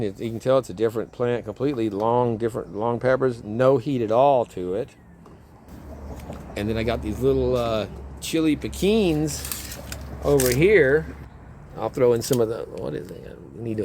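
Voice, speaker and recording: With faint background noise around him, a mid-range-voiced man chats in his garden for his vlog about home gardening. He's relaxed and rambling, chuckling and breaking off his own thoughts as he goes.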